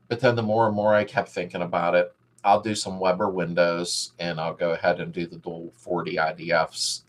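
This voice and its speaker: Middle-aged male host, a bit low in pitch, chatting loosely with viewers. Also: fairly bright tone. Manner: rambling, reads chat comments aloud and greets viewers by name. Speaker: live stream host. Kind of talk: casual live chat with viewers.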